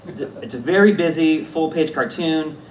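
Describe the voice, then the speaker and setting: A man giving a conference talk about slides, lively and self-correcting, often checking in with the audience. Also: on the high side, normal speed. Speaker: academic conference presenter. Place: lecture room at a conference. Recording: echoey room, distant mic, faint hiss.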